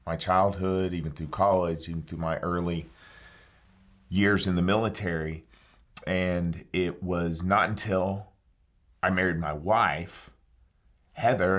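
A man in his forties, a former soldier, telling his story as an interview guest and acting out remembered conversations. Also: low voice. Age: 40s. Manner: animated retelling that acts out remembered dialogue.

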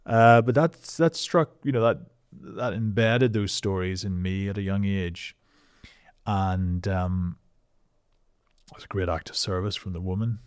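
A man's voice: sits low, measured pace, clean tone, no echo, clean studio sound. A man hosting a conversation, reflective and enthusiastic, often restarting his sentences. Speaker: host. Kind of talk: casual conversation.

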